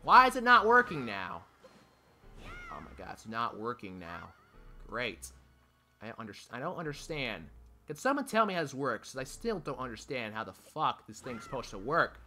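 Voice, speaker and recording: Soft music plays in the background as a young gaming host does let's play commentary, swearing and pleading with the game in frustration. His medium-pitched voice is bright and forceful, with big pitch swings and a moderate pace.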